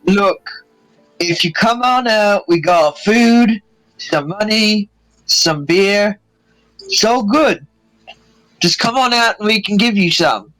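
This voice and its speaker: High voice, slow-paced man, tabletop player, off-mic, faint music. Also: animated, a bit bright, rough recording. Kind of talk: tabletop role-play banter.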